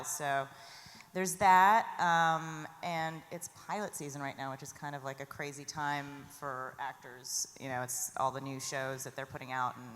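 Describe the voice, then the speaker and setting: A woman with a notably low voice speaks in a relaxed, easygoing way on a convention panel, sprinkling in fillers. Her voice carries a long hall reverb. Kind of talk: casual panel talk.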